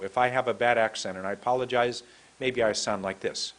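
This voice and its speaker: A man teaching English pronunciation in a lesson, speaking slowly and deliberately as he demonstrates words one at a time. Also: mid-range voice, steady tone, fairly bright tone. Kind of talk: instructional lesson, slow drills.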